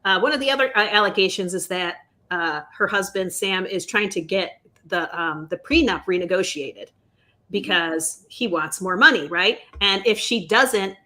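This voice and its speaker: Bright-voiced chatty woman podcaster. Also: mid-range voice, normal speed. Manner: chatty, hedging with fillers and "allegedly". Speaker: podcast co-host. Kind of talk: casual news chat.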